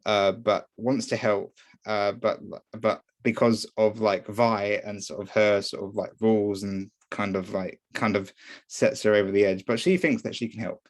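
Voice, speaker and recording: A man's voice: fairly low pitch, fairly even intonation, normal speed. A man casually recapping a TV episode, hesitant, with many fillers and restarts. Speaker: show reviewer.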